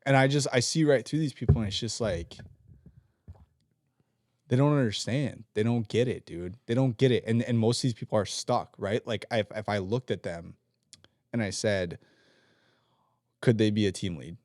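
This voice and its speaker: A man's voice: on the low side, moderate pace, pauses often, darkish tone, no echo, clean studio sound. Profane ranting man on a podcast. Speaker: podcast co-host; team leader at work. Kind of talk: casual chat.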